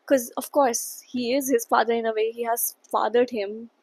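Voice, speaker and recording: A young woman chatting about a book in a casual reading vlog from a quiet room at home, emotional and gushing. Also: on the high side, fairly even intonation, moderate pace. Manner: emotional, gushing, reads quotes aloud with feeling. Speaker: book vlogger.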